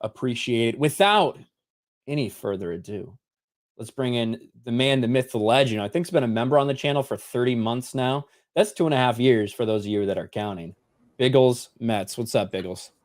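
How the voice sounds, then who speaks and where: A man's voice: mid-range voice, normal speed. A man hosting a live stream, introducing guests with loose, profane jokes. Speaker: host. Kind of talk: casual live stream chat. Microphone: headset.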